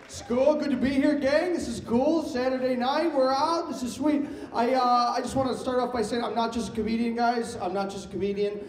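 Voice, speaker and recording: A man's voice: very high voice, fairly even intonation, fairly quick, hardly any pauses, noisy background. Brash young man doing stand-up. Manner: brash, loose, playful crowd talk. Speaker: stand-up comedian. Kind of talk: stand-up comedy set. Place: comedy club stage. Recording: roomy live club sound, distant mic. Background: audience laughter.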